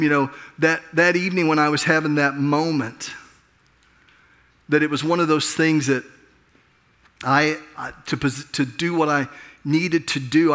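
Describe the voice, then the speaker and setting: With a fairly high pitch and fairly bright tone, a middle-aged pastor tells his congregation a story about himself. The sermon feels conversational, he makes light of himself, and he restarts often.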